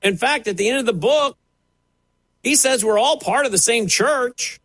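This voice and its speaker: A man's voice: very high voice, moderate pace, fairly bright tone, dry recording, rough recording. A man giving pointed, sarcastic opinion commentary on air, talking in a loose conversational way. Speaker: radio commentator.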